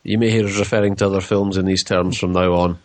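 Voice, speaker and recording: A man's voice: deep voice, level tone, fast. A man hosting a radio film review, asking wry questions. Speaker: radio show host.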